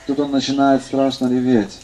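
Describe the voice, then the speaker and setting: A man interpreting a sermon live in a steady, even way. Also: medium pitch, a little fast, a little hiss or hum, poor audio.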